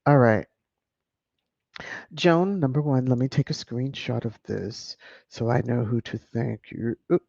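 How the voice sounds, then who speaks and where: A woman's voice: rumbling low, a little slow, creaky, pauses often, dark tone, dry recording. A woman hosting a live stream in casual chat, thanking viewers by name. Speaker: YouTube live stream host. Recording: dull lo-fi dry sound.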